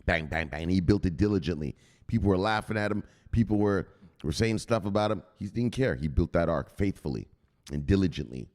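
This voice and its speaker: A man's voice: low voice, animated, brisk. Profane, hyped man ranting on his channel. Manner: profane, hyped, shouts catchphrase "bang". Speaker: crypto channel host. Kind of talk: ranting vlog commentary.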